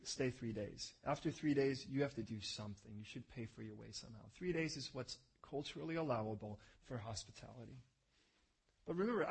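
Husky, animated male preacher teaching. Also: medium pitch. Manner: animated, conversational, asks the audience to repeat words. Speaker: pastor. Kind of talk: sermon teaching.

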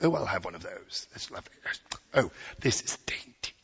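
A man's voice: sits low, big pitch swings, moderate pace, creaky, fairly bright tone, husky, big-room sound, muffled recording, voice pushed down, heavily acted. A man voicing a mock-posh British gent who craves royal dainties, in a bad, pirate-like put-on British accent, prissy then greedy.

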